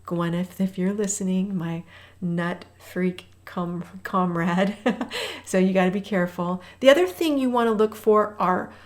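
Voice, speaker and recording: A woman's voice: on the low side, a little slow. Chatty woman talking while power-walking. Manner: a little breathless at times. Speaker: health coach and host. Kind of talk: walking workout talk.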